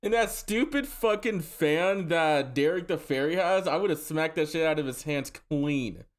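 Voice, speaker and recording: A man's voice: fairly high pitch, normal speed. A man commenting on a livestream, making amused side remarks. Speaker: co-streamer. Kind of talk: casual commentary.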